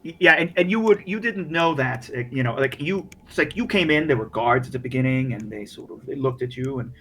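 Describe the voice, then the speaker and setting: A man's voice: medium pitch, animated, fairly quick, fairly bright tone. A man narrating as game master, rambling with many restarts. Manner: rambling, full of fillers and restarts.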